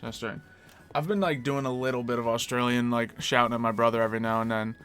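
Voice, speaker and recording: American male streamer, casual and talkative, bright tone, faint music under him. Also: mid-range voice, fairly even intonation, fast, clean tone. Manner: chatty, answers chat requests aloud. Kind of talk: casual live-stream chat. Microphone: desk mic.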